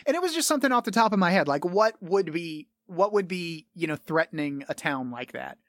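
A young man rambles through a casual podcast monologue, laughing often and swearing freely. His voice sits a little high for a man. It is recorded close and dry, with no room sound. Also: animated, brisk, few pauses, a bit bright, no echo. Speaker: podcast host.

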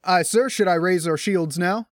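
Keen young male ensign, raised pitch, read by a man. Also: normal speed, no echo, clean studio sound, close to an everyday voice. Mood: eager.

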